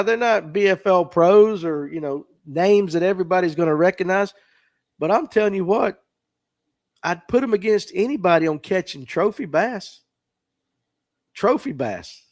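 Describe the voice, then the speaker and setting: A man hosting a fishing podcast livestream, chatting casually and reading out viewer comments in a folksy way. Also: high voice. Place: tackle shop.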